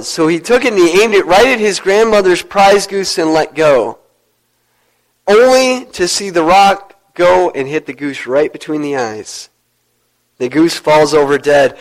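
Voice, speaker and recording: A man preaching a sermon as pastor, telling a story earnestly and dropping low to stress his points. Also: animated, normal speed, poor audio.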